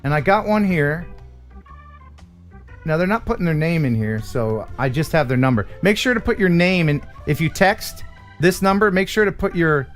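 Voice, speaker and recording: An animated man with an Alabama accent hosts a live stream, his voice sitting high and swinging widely in pitch as he chats and laughs often. Faint music plays underneath. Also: moderate pace. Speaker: host.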